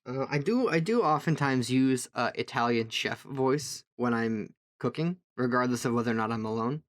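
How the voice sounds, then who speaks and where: A man's voice: mid-range voice, lively intonation, moderate pace. A young man co-hosting a casual podcast chat, rambling and laughing at his own jokes. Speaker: podcast co-host.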